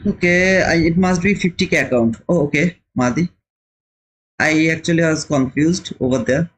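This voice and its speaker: Over a rough recording, a man with a fairly high voice speaks at a moderate pace while hosting a live trading stream. He isn't a native English speaker and chats casually, replying to viewers' comments with frequent repeated words.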